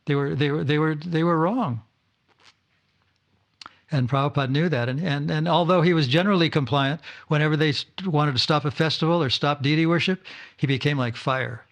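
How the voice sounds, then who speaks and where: At a home gathering, an older man who is a spiritual teacher speaks informally to his disciples. His voice is fairly high and a little fast, and he often stumbles, repeats words and starts sentences over.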